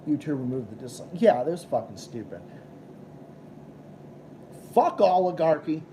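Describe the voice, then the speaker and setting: A man's voice: a little high, big pitch swings, moderate pace, dark tone, slight background noise. A young man hosting a live stream, ranting and swearing as he chats with viewers. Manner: profane, ranting, combative. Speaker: livestream host. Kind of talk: casual live-stream chat.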